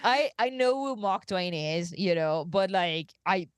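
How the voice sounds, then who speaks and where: A woman's voice: fairly low pitch, animated, measured pace, smooth, no room sound, clean studio sound. A woman co-hosting a podcast, chatting bluntly and casually with frequent swearing. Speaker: podcast co-host. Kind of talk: casual chat.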